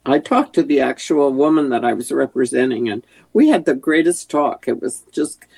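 A woman's voice: very deep voice, lively intonation, moderate pace, creaky, warm tone, breathy edge. An older woman, an actress, chatting as an interview guest, rambling with many restarts. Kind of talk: casual interview chat.

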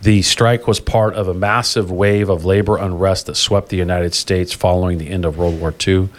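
Male union podcast host, low-pitched, loose and rambling delivery, quick to laugh. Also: steady tone. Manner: rambling, self-correcting, laughs easily. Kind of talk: casual podcast chat.

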